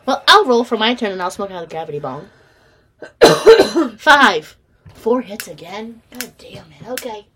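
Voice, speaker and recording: A woman's voice: on the high side, very animated, unhurried, pauses often, fairly bright tone. A stoned woman chatting casually on a vlog, coughing and teary-eyed with laughter. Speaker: vlogger.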